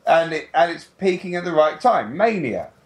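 A man's voice: a little high, big pitch swings, moderate pace. A man co-hosting a casual wrestling chat, blunt and mocking, who swears now and then. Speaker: podcast co-host.

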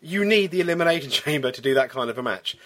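A man co-hosting a podcast in casual chat. He rambles through long runs with animated bursts, and his voice sits a little high. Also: fast. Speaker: podcast co-host.

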